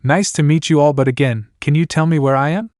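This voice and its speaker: A man's voice: fairly high pitch, a little fast, a little mellow, dry recording, clean studio sound, close to an everyday voice. A man reading the part of a newly arrived boy who is impatient and sarcastic. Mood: demanding. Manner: demanding, sarcastic.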